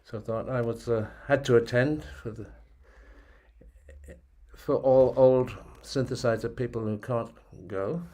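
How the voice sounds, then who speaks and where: An older man from Germany chatting as a guest over a video call, at an ordinary pitch. He talks in a relaxed, meandering way and chuckles now and then. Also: unhurried. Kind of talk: casual chat.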